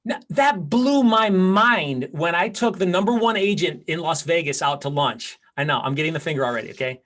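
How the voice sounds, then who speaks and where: A man's voice: on the high side, moderate pace, hardly any pauses. A man teaching a live class as a real estate coach, talking energetically and restarting often. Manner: energetic, animated, with many restarts.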